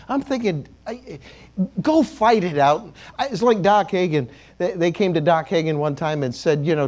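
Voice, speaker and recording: A man's voice: high voice, moderate pace, a little mellow. A man preaching a sermon as a bishop in a church, joking and calling on the congregation to repeat words after him.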